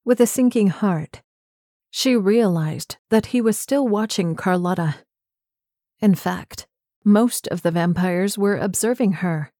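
Woman, audiobook narrator, steady reading, dry close sound. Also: medium pitch, takes it slowly, no room sound. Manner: reads excerpts from several novels. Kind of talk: scripted narration.

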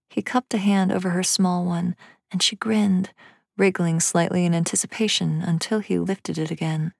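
A woman narrating a storybook reading in a steady, measured way. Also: on the low side, creaky, no room sound, clean studio sound.

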